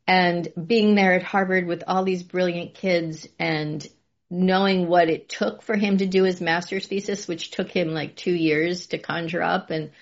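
A woman's voice: lowish voice, steady tone, a little slow. Mid-aged woman rambling on, kinda emotional, lo-fi muffled audio. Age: middle-aged. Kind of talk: casual conversation.

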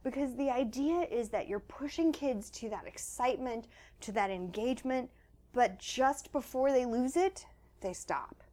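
Woman guest, author, slightly high voice, animated explainer. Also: measured pace. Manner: animated, acts out quoted children's voices. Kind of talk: conversational interview. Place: home.

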